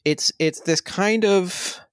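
A man's voice: high-pitched, slow, smooth, dry recording. A man hosts a film podcast in casual chat. He rambles with a wry, jokey edge, heard close on a dry mic. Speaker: podcast host.

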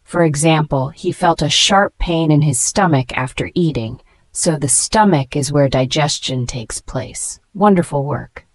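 Lady reading a vocab lesson, low voice, spells every word, says great job a lot. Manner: steady, spells words letter by letter; slows down to pronounce each word. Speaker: English vocabulary teacher.

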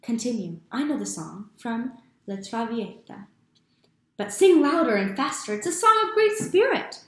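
Woman playing a cheery playful storybook uncle, high and loud, coaxing the kids along. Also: unhurried, roomy sound. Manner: jovial and coaxing. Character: cheerful playful uncle, middle-aged man.

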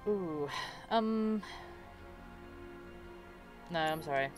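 A woman's voice: low voice, animated, drawn-out words, music in the background. Woman gaming, swearing, emotional. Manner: emotional, swearing, laughing asides. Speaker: gamer streaming a playthrough. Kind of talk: let's play commentary.

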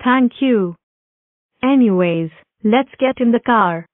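A synthetic woman's voice playing a stern mother cat who scolds flatly. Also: fairly high pitch, takes it slowly, no echo, narrow, tinny audio. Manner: scolding, flat.

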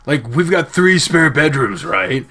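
A man's voice: on the high side, big pitch swings, unhurried, sharp tone, exaggerated voice. A man voicing a laid-back young male hoofed creature who rambles casually in a game read-through. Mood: chatty.

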